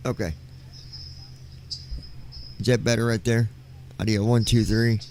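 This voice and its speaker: A low-voiced man chatting casually on a headset mic, joking with his viewers. He talks in an unhurried, drawn-out way, with faint background noise. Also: level tone, darkish tone. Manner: playful, joking, testing his mic aloud. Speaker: streamer host. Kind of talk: casual live-stream chat.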